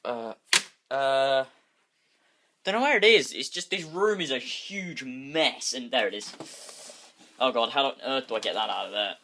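In a bedroom, a young man holds up his phone for a casual vlog, wandering from thought to thought, fidgety and swearing freely. His voice is medium-pitched, animated and sharp, at a measured pace with many pauses, and the recording has a little hiss or hum.

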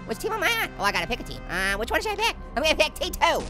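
Annoying Orange, high and bouncy. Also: male voice, huge pitch swings, very fast, over music, heavily acted. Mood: playful. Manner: cackling, pun-making, jokey. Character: wisecracking male talking orange, goofy, punny. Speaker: let's play host. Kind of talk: let's play commentary.

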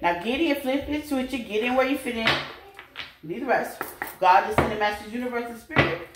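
A woman's voice: on the high side, moderate pace. A woman giving a casual, chatty tarot reading to her viewers, laughing often and calling them babies. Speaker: tarot reader. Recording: echoey room with faint noise.

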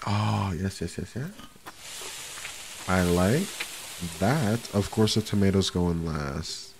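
Deep-voiced man chatting through a game. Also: normal speed, darkish tone. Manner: chatty, talks to himself, swears casually. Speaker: gaming streamer. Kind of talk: casual let's-play commentary. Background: faint game music.

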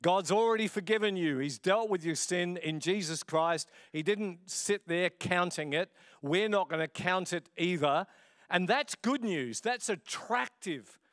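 A middle-aged pastor preaching with passion and an easy, conversational warmth of delivery. His voice sits a little high for a man and comes through close and dry. He preaches like he's talking to friends, with the odd laugh. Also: unhurried, no echo. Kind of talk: sermon. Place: church.

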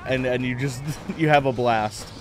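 A man's voice: mid-range voice, unhurried, noisy background. A man streaming a video game, joking playfully and blurting mock gunshot sounds. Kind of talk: gameplay commentary.

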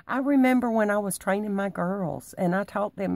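A middle-aged woman, talking to her viewers in a folksy, meandering way that sometimes drops to a hushed near-whisper. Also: medium pitch, moderate pace, dry recording. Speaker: Christian vlogger. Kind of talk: casual rambling talk to camera.

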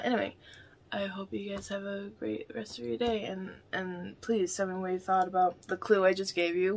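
A woman vlogger reacting to a film in a casual, rambling, excitable way. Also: mid-range voice.

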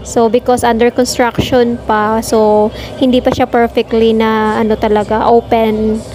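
A chatty mom with a Filipino accent vlogs outdoors from a high lookout, her voice pitched high. She talks casually into a handheld phone camera, switching between languages and coaxing her children along. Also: level tone, moderate pace, darkish tone, low-quality recording. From Philippines. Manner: chatty, mixes Tagalog and English, laughs often. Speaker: family vlogger mom. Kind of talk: casual vlog narration.

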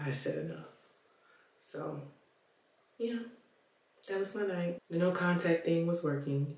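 A young woman vlogging at home, talking candidly in a rambling, casual way. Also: extremely low pitch. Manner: rambling, candid, lots of "y'all" and "like". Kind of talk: casual vlog talk. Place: home, indoors. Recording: echoey room.

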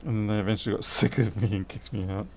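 A man's voice: lowish voice, steady tone, fast, creaky, a little mellow. A middle-aged man, chatting casually and thinking aloud while he works through a repair on a livestream. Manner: rambling, thinks aloud, answers chat.

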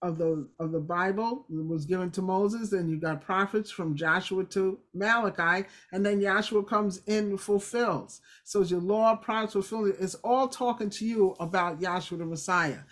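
A woman's voice: mid-range voice, moderate pace, few pauses. A woman teaching scripture in an informal, emphatic, conversational way, with playful asides. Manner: conversational, emphatic, acts out quotes. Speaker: Bible study teacher.

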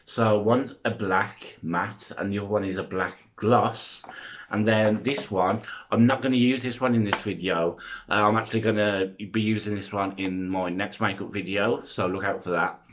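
Excitable rambling young man. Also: on the low side, moderate pace, dull audio. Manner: excitable, rambling, self-interrupting. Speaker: makeup vlogger. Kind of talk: chatty makeup review vlog. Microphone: front-facing phone camera.

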